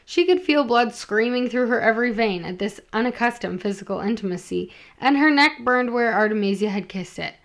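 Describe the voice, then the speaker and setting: A woman's voice: on the high side, lively intonation, brisk, few pauses. A woman reading a romance story aloud, amused, with small slips and restarts as she goes. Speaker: story reader and co-host.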